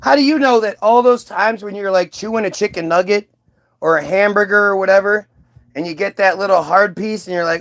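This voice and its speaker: A man with a notably high-pitched voice talks through a loose, casual monologue. He rambles, swears freely and takes a mocking tone, circling back with asides and restarts. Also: lively intonation, moderate pace, vocal fry, fairly bright tone. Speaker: commentator.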